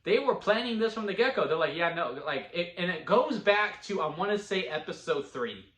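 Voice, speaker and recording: A man at home casually recapping a TV episode, rambling with quick restarts and bursts of laughter. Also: high voice, expressive, fairly bright tone, echoey room. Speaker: TV episode reviewer. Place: at home with a dog.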